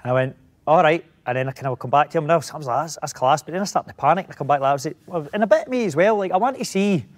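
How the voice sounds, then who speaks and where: Fast-talking Scottish man telling stories. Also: fairly high pitch, expressive. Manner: rambling anecdotes full of restarts. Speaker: actor, interview guest. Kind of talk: casual interview storytelling.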